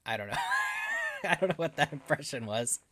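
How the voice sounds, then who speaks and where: A man co-hosting a wrestling podcast in casual chat, animated and laughing often. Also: fairly high pitch, normal speed, shouting, background noise. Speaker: podcast co-host.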